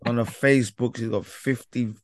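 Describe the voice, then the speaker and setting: A man's voice: mid-range voice, fairly even intonation, moderate pace, dry recording, clean studio sound. A man co-hosting a podcast in casual chat, tired and joking in a self-mocking way. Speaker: podcast co-host.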